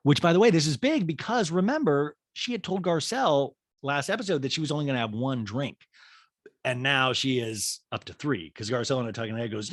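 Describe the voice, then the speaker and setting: A man from Kansas hosting a podcast, recapping TV with rambling, animated comedy and frequent laughs. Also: mid-range voice, a little fast, no echo, clean studio sound. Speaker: podcast host.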